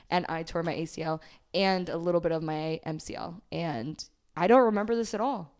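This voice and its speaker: Young texas woman on a podcast, kinda low voice, cussing and laughing a lot, lots of "like". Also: brisk, smooth. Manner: profane, laughing, animated storytelling with many "like"s. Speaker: podcast co-host. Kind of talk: casual storytelling chat.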